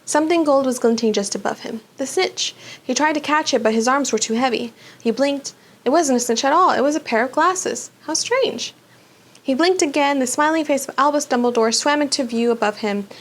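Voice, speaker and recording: A woman reads a children's fantasy novel aloud, expressive and dramatic in her storytelling. Her voice sits fairly high and lively. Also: fairly quick. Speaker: book club reader.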